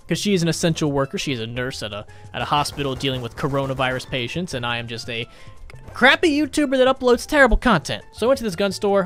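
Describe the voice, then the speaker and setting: A man's voice: on the high side, fairly bright tone. A man ranting in profane, rambling gameplay commentary as a gaming YouTuber.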